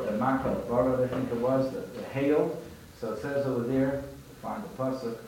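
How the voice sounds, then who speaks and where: Picked up by a distant mic in a very echoey space with a faint hiss or hum, a man with a darkish, medium-pitched voice gives students a casual religious lesson. He relies on parables and keeps repeating and restarting his phrases.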